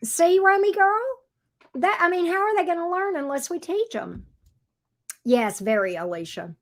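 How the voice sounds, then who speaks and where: A woman's voice: extremely high pitch, expressive, normal speed. A woman, hosting a casual tarot livestream, talking bluntly and reading viewer comments aloud. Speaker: tarot reader livestream host.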